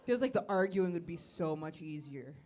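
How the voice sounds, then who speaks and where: A woman's voice: animated, normal speed, noisy background. Woman doing a stand-up routine. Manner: conversational, swings from low asides to loud bursts. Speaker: stand-up comedian. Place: comedy club stage.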